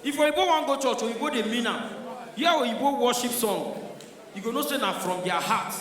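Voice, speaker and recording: A man's voice: extremely high pitch, lively intonation, moderate pace, a bit bright. A man with a Nigerian accent doing a stand-up comedy routine, telling stories in Pidgin and acting out the characters. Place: live comedy show venue. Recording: echoey hall from far off.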